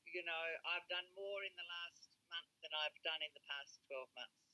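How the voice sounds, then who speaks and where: A middle-aged woman calls in to a coaching session and earnestly describes her progress, pausing on fillers now and then. Her voice is very bright and tense, and it sounds dry and close to the mic. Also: lowish voice, dry recording, poor audio. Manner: earnest, a little hesitant, with filler words. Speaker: caller sharing progress. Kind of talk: casual call-in chat.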